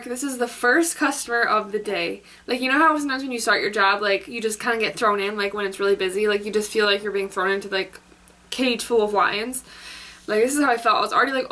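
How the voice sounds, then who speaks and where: A young woman telling a story in a chatty, rambling way, filling her sentences with "like." Her voice sits a little high and sounds bright and clear. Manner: chatty, filler-heavy, with lots of "like". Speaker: vlogger. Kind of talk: casual storytime.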